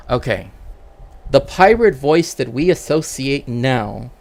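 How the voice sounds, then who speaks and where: A man's voice: medium pitch, lively intonation, slow pace. Rambling man chatting on a stream. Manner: rambling, checks in with frequent tag questions. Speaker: streamer and cultural historian. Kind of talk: casual livestream chat.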